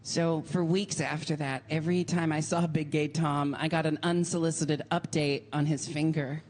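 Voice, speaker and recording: A woman doing stand-up comedy, telling a story in an animated, self-mocking way. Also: deep voice, moderate pace.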